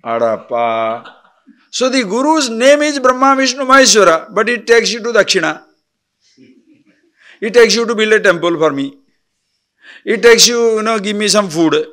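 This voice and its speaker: A man's voice: high voice, normal speed, pauses often, bright, forceful tone. A man giving a spiritual discourse as a teacher, blunt and teasing, full of rhetorical questions.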